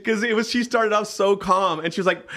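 A man's voice: high-pitched, fairly quick, heavy background noise. A man co-hosting a casual comedy podcast, laughing often and giving short supportive replies. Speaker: comedian co-host.

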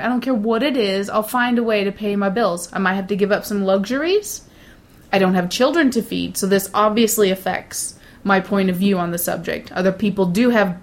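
Middle-aged woman, blunt, self-assured, casual chat, mocking quoted voices. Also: mid-range voice. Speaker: data center shift supervisor.

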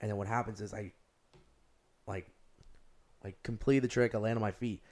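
A young man with a lowish voice, chatting casually and rambling through his stories. He leans on "like" constantly and gets animated in the telling. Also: normal speed. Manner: rambling, heavy use of "like", animated storytelling. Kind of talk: casual chat.

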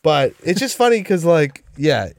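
Joking man, lively swinging pitch. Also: a little slow, no echo, studio quality. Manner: joking, breaks into silly put-on voices. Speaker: podcast co-host. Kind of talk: casual comedic chat.

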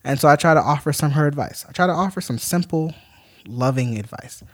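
Ranting podcast co-host, dry sound. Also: male voice, on the high side, a little fast, no room sound. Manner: animated, ranting, mock-angry. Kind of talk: casual podcast chat, storytelling.

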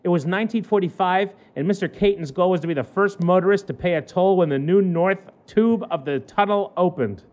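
A man co-hosting a casual talk show, joking as he reads an odd news story aloud and trips over words. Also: high-pitched. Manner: joking, stumbles over words while reading. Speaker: podcast co-host.

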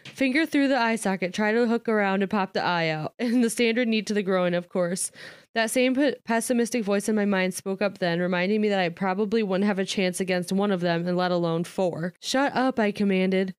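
A woman's voice: mid-range voice, brisk, clean tone, no room sound, studio quality. A woman reading a novel aloud, often stopping to retell it casually with lots of "like" and frequent laughs. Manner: reads a novel aloud, breaking off to paraphrase with lots of "like". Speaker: reader and commentator. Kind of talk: casual read-aloud with chat.

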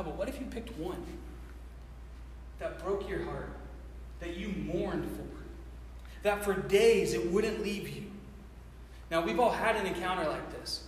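A man's voice: sits high, slight background noise. A man preaching a sermon, full of impassioned rhetorical questions. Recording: echoey hall from far off.

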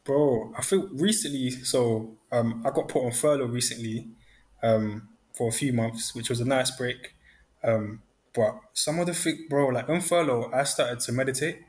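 A man's voice: medium pitch, normal speed. A man chatting casually, acting out his inner thoughts in quoted asides. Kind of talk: casual chat.

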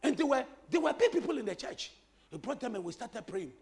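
A man preaching from the pulpit in a very high voice that leaps up and down with lively energy. He repeats phrases for emphasis and jokes with his congregation as he goes. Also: a little fast, gravelly. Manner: animated preaching with repetition and crowd-teasing humor. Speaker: pastor. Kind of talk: sermon.

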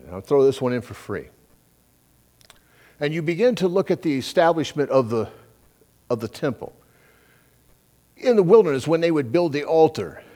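Man preaching with lively pitch. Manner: conversational preaching with folksy asides and quoted dialogue. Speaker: pastor. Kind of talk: sermon.

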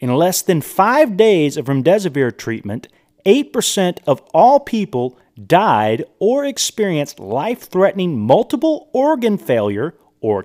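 A male podcast host reads quotes aloud in a monologue and reacts to them with emphatic incredulity. His voice is on the high side with a darkish tone.

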